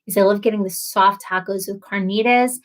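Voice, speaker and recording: A woman's voice: medium pitch, steady tone, a little fast. A woman in her thirties hosting a casual livestream, chatty and bubbly, laughing often as she reads comments. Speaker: livestream host.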